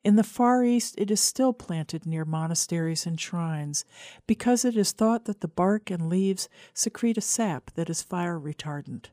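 Calm reflective woman narrating an essay. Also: on the low side, unhurried, no echo, clean studio sound. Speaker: radio essayist. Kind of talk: scripted narration.

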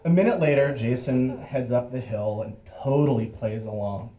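A young adult man tells a first-person story at normal speed in a mid-range voice, animatedly acting out the voices of the people in it and laughing as he goes. The recording has a roomy echo.

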